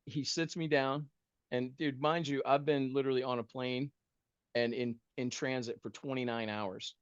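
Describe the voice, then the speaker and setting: A man spins a comic story as a podcast guest, animated and poking fun at himself with plenty of dude and bro. His voice sits in a middle range. The recording is dry and a little dull. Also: medium pitch, moderate pace, clear, resonant tone, dry recording. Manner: animated, self-mocking, casual with dude and bro. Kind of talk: humorous storytelling.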